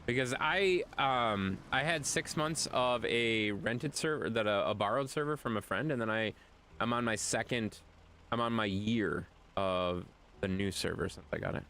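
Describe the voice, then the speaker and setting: A man streaming a game live, chatting casually with his viewers, animated and playful with repeated phrases. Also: on the low side, normal speed, slight background noise.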